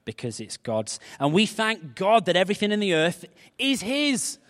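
Guy preaching, kinda high voice, lively and jokey, big echoey hall. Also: moderate pace. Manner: animated, jokey storytelling with quoted dialogue. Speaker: pastor. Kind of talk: sermon.

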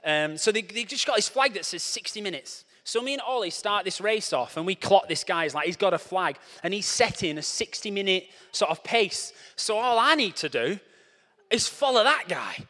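A young male preacher, out of breath after a race, gives a lively, joke-filled sermon at normal speed. His high voice is playful and animated as he acts out scenes with quoted voices, echoing with long hall reverb.

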